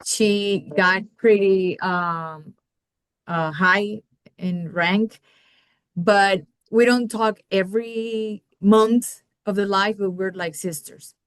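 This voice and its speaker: A woman's voice: medium pitch, steady tone, clear, resonant tone, no echo. Hesitant Colombian woman asking for advice. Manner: hesitant, many fillers, long pauses. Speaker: team member asking a question.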